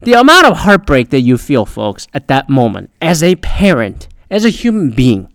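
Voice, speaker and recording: Podcast host, young man, fast profane rambling rant, smooth and dry. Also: fairly high pitch, wildly swooping pitch, fairly bright tone, no room sound.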